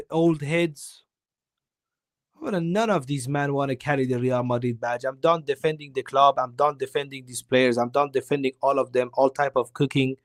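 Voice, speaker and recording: A man's voice: medium pitch, a little mellow, no room sound, clean studio sound. A man giving a heated football opinion on a live stream, weary and emphatic, repeating himself for stress. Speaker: guest co-host.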